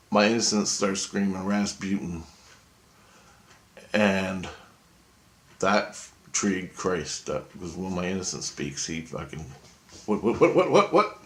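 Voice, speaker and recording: A man in a rambling, profane monologue, telling his story excitedly. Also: low-pitched.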